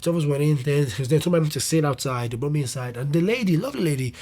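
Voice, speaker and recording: Husky-voiced man telling a story. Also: fairly high pitch, fast talker. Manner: animated, loose storytelling with swearing and restarts. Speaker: comedian guest. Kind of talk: candid storytelling interview.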